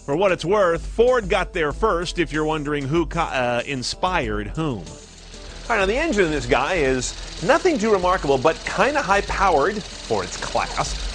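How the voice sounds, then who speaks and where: A man presenting a product review in a brisk, wry and opinionated way, with faint music behind him. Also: on the high side, big pitch swings, a bit bright. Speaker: car reviewer. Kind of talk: scripted product review narration.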